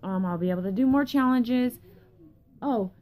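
A woman's voice: fairly high pitch, normal speed, mellow. A young woman vlogging in a casual rambling way, tired from lack of sleep, swearing often and losing her train of thought. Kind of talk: casual rambling vlog chat.

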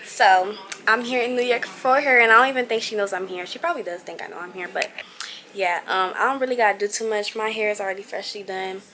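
A woman's voice: mid-range voice, fast talker, sharp tone, slight background noise. A teenage girl chatting casually to her vlog audience, rambling with fillers while her family gets ready. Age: teens. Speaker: vlogger.

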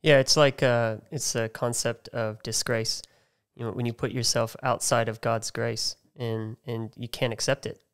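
A man hosting a podcast who talks calmly and agreeably and offers short affirmations. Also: mid-range voice, normal speed, clear, resonant tone. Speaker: podcast host.

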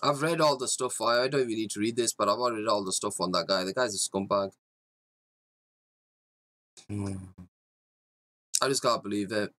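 A man's voice: lowish voice, moderate pace, long pauses, fairly bright tone. A man hosting a fan livestream, ranting bluntly and profanely while reading viewer comments. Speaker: fan channel host.

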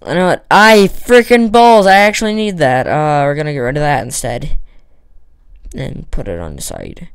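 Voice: mid-range voice, sing-song, normal speed, vocal fry, clean tone, dry recording. A gamer giving casual, rambling commentary while building in a block game, with lots of fillers and self-talk. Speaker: Minecraft let's player.

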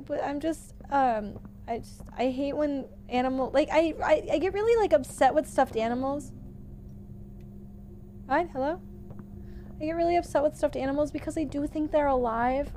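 A woman's voice: sits high, a little mellow, a little hiss or hum. A young woman streamer casually commenting while playing a game, gushing and easily startled. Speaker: gaming streamer. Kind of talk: casual let's-play commentary.

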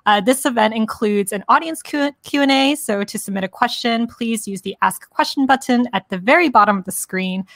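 A woman hosting a bookstore's online event, announcing friendly and clearly. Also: fairly high pitch, a little fast, few pauses, fairly bright tone, no room sound. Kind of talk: scripted event introduction. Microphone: video call.

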